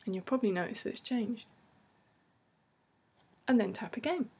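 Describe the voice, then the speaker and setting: Breathy woman guiding a calm tapping session. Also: on the high side. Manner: calm, slow, soothing guidance with repeated phrases. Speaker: tapping therapy practitioner. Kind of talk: guided tapping instruction.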